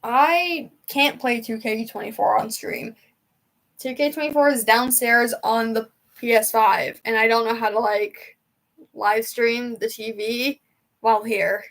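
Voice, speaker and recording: A woman's voice: on the high side, fairly even intonation, measured pace, gravelly, fairly bright tone. Chatty young woman livestream host. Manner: rambling, emotional, chatty fan talk. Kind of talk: casual chat with live chat. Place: home.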